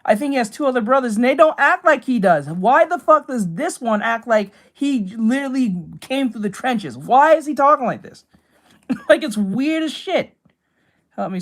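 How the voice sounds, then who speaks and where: A woman's voice: high-pitched, animated, normal speed. A woman streamer chatting casually while she draws, rambling and blunt, swearing freely and laughing often. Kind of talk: casual chat while drawing.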